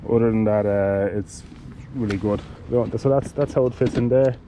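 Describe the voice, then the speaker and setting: Man, cycling gear reviewer, monotone delivery, halting with restarts, faint background noise. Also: fairly low pitch, dull audio. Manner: halting, with many fillers and restarts. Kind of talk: casual product demonstration.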